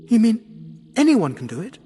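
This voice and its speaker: A man's voice: high-pitched, huge pitch swings, moderate pace, dark tone, long reverb tail, a little hiss or hum, pitched above the performer's own voice. A man voicing an eager, awed young male traveller asking wide-eyed questions.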